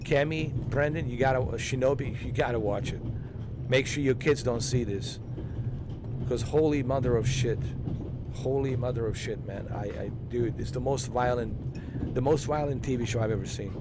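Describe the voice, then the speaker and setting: A man chatting casually during a game walkthrough, excitable and rambling, often swearing. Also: medium pitch, normal speed, noisy background. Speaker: gaming streamer.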